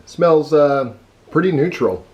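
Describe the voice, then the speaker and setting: A man's voice: on the high side, slow, husky, lo-fi sound. A man giving a casual taste-test review, chewing and talking with his mouth full. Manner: chews and talks with mouth full. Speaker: food reviewer.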